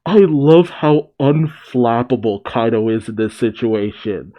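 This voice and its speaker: A man giving casual reaction commentary on a comic chapter. He gets excitable, swears, and laughs often. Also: mid-range voice, unhurried, highs cut off. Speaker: reaction video host.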